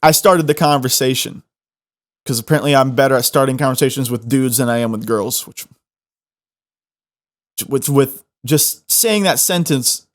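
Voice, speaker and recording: A young man hosting a podcast, telling a funny story in an animated, self-mocking way. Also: medium pitch. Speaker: podcast host. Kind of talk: comedic storytelling.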